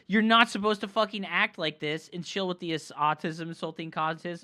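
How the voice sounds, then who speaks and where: A man's voice: high-pitched, steady tone, a little fast, few pauses, pushed and bright. A male game streamer telling a story in a heated, profane rant, full of "like" and "right?". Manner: fillers like "like" and "right?". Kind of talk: ranting storytime chat.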